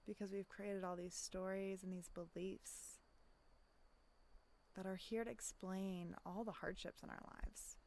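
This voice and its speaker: A woman speaking as a life coach in a casual self-help monologue, reflective, often checking in with "right?" and pausing for audible deep breaths. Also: little pitch movement, darkish tone, a little hiss or hum. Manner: acts out inner voices in quotes.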